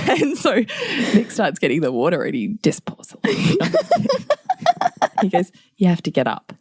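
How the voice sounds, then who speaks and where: Middle-aged woman, podcast co-host; a lowish voice that swings widely, chatty and giggly, with close, dry sound. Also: unhurried, husky, dry recording. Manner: laughs often while telling stories; acts out family members' lines in lively voices. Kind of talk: casual podcast chat.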